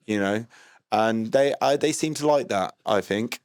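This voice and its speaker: A man hosting a livestream, rambling in a deadpan way with lots of ums and restarts. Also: on the low side, moderate pace, clear, resonant tone. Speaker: livestream host doing a comedy DJ character. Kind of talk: deadpan improvised livestream comedy.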